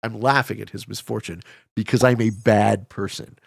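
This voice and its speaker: A man from Canada streaming a board game live, excitable and swearing, laughing often and bursting into shouts. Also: lowish voice, moderate pace, gravelly, breathy edge, no echo. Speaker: streamer playing an online strategy board game.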